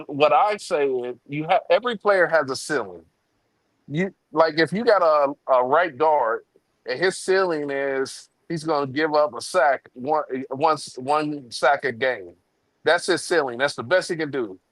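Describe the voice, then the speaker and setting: A man's voice: a little high, fairly bright tone, no echo, rough recording. A man on a sports talk panel, laying out his argument point by point in a casual debate. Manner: argumentative, lays out points step by step. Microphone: remote streaming call.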